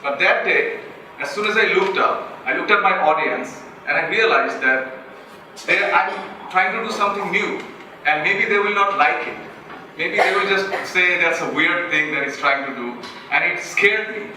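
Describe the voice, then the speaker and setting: This young man from Bangladesh, a student speaker with a Bangladeshi English accent, offers an earnest motivational talk that pokes fun at himself and asks the audience questions. His bright, forceful voice sits high and moves at a moderate pace, with slight hiss or hum in the background. It was captured distantly in an echoey hall.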